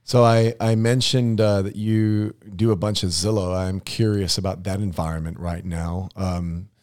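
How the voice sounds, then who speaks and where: A man's voice: low-pitched, steady tone, moderate pace, darkish tone. A man hosting a casual conversation about real estate, thoughtful and meandering, often restarting his sentences. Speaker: podcast host. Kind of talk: casual interview chat.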